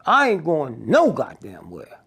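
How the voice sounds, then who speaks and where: A man's voice: on the high side, wildly swooping pitch, measured pace, fairly bright tone. An older man, telling stories bluntly and profanely in an interview, keeps asking "Huh?". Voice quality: gravelly and husky.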